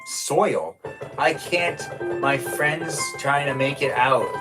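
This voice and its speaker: A man talks to his viewers during a game stream, rambling from joke to joke with playful energy. His voice sits at an ordinary middle pitch. Music plays clearly behind him throughout. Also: slow pace. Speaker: live streamer. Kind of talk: casual live-stream chat while gaming.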